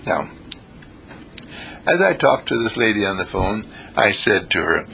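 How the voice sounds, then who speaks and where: A man giving a rambling, anecdotal spiritual talk who swings his pitch up and down for emphasis. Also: sing-song, measured pace, gravelly, bright, forceful tone, a little hiss or hum. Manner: storytelling, swings pitch for emphasis, laughs at himself.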